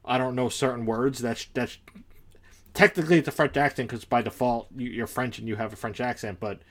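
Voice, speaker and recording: Male podcast co-host, mid-pitched, hesitant, keeps circling back in loose casual chat. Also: fairly even intonation, a little fast. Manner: hesitant, circles back while arguing a point.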